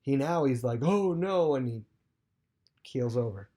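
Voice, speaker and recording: A man giving a casual Bible lesson, retelling the passage in his own loose words with plenty of fillers and restarts. His voice sits at a middling pitch with a dark, mellow tone. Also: measured pace. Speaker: teacher.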